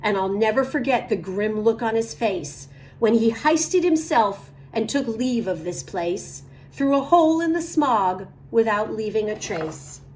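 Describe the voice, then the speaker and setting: Storytime reader, female, high and lively, sing-song delivery, faint hum behind. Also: unhurried. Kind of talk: reading a picture book aloud.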